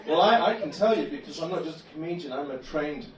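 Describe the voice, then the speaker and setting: Comic doing stand-up, deadpan silly stories, fairly high voice, echoey club room, a bit far off mic. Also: male voice, quick pace, very noisy. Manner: deadpan absurd storytelling. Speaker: stand-up comedian. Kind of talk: stand-up comedy set. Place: comedy club bar room.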